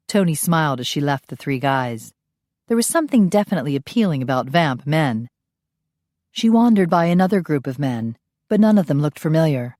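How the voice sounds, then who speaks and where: Low-voiced woman narrating an audiobook. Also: expressive, fairly quick, a little mellow, dry recording, studio quality.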